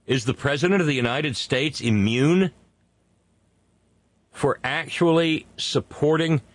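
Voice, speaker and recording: A man hosting a political commentary monologue, indignant, stretching key words slowly for emphasis. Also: fairly high pitch. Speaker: host.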